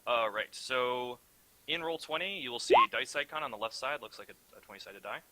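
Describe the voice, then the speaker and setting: A man's voice: medium pitch, huge pitch swings, fairly quick, very noisy. A young man narrating a tabletop game as game master, hesitant and full of fillers.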